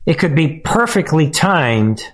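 A man's voice: fairly high pitch, sing-song, measured pace, a bit bright, poor audio. A man hosting a live political commentary stream, talking in a sarcastic, mocking way and laughing often. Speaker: commentary host.

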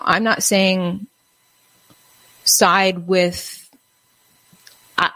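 Woman, news commentary, low-pitched, halting with fillers, dry close sound. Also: no echo. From United States. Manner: halting, many fillers and restarts.

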